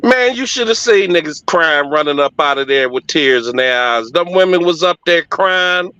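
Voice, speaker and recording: A man's voice: fairly high pitch, animated, normal speed, pushed and bright, smooth, no room sound, rough recording. A middle-aged man telling a heartfelt personal story on a podcast, emphatic and profane.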